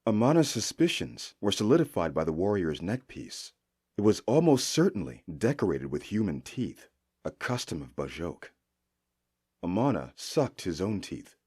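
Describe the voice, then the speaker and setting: A man narrating a fantasy audiobook with expressive storytelling. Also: sits low, moderate pace, husky.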